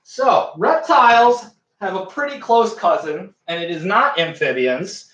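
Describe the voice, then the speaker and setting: A young man with a notably high voice, chatty and friendly, walking viewers through his animals and cooing at them as he goes. He is recorded in an echoey room at home, and the sound is a little dull. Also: unhurried, a crowd in the background. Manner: chatty, coos at his pets. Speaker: animal educator. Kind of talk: live-streamed animal show.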